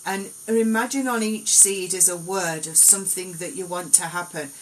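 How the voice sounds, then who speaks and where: A woman giving gentle, reassuring card readings on a live stream, in an unhurried, meandering way. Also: on the low side, fairly even intonation, slight background noise, poor audio. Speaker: psychic card reader.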